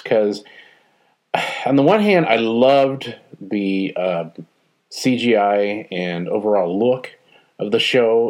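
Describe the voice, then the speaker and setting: A man giving a casual spoken review, hesitant and full of ums and restarts, frank and mildly exasperated. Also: fairly low pitch. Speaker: show reviewer.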